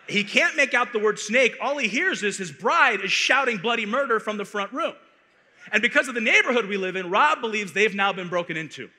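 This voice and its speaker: A man from Arizona, a conference speaker, telling a funny story in a playful, animated way, on a stage microphone in a large hall. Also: sits high, slight background noise. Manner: animated, playful, building comic tension. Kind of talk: comic storytelling talk. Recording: echoey hall reverb.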